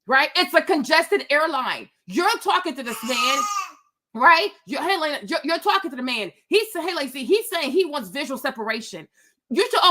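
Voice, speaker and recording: A woman's voice: sits high, big pitch swings, normal speed, pushed and bright. A woman vlogger ranting in casual talk, exasperated and emphatic, repeating her points. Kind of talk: casual rant to camera.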